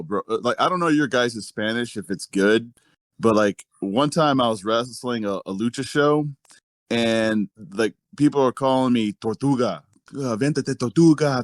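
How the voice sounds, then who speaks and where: A man's voice: mid-range voice, normal speed, no echo, studio quality. Laid-back, profane man telling stories. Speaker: guest wrestler. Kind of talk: casual storytelling chat.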